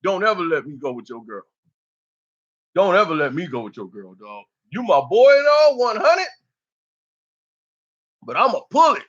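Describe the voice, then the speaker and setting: A man voicing a rowdy young male friend who shouts and cries out in mock alarm, in a slightly dull lo-fi recording. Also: sits high, sing-song, moderate pace, pauses often, full character voice. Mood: shouting, rowdy.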